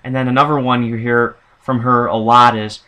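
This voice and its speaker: A male vlogger delivers a casual, opinionated monologue, rambling and circling back with lots of fillers. His voice is average in pitch for a man, bright and forward in tone, level, and moderately paced.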